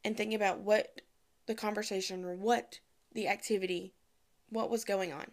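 A young woman giving casual, candid advice to the camera, chatty and frank, with lively asides. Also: medium pitch, normal speed. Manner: chatty, candid, acts out quoted voices.

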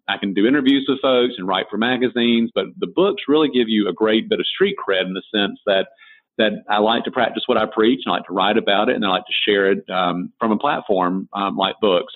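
A man with a Southern American accent, a designer and author answering interview questions in a folksy, storytelling way. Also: on the low side. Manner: folksy storyteller, frequent restarts. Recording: tinny phone-like line.

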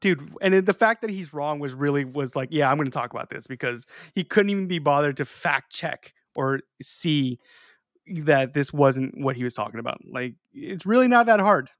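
A young man co-hosts a podcast in a slightly high voice at a moderate pace, recorded with clean studio sound and no echo. He chats casually, telling animated stories and laughing often.

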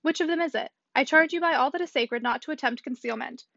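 An anxious young lady presses for answers in a storybook, urgent and commanding, read by a woman. She speaks fast and high. The sound is dull and dry. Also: vocal fry, pushed and bright, no echo, full character voice. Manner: urgent and demanding.

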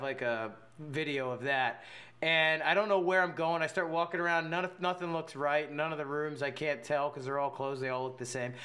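A man's voice: fairly high pitch, sharp tone. A young man casually telling a rambling story with lots of filler words and bursts of laughter. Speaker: podcast co-host telling a story.

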